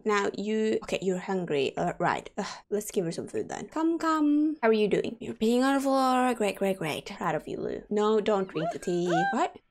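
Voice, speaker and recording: Chatty woman narrating a life-sim game. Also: mid-range voice. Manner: chatty, talks to her sims, frequent exclamations and laughs. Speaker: gaming YouTuber. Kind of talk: casual let's-play commentary.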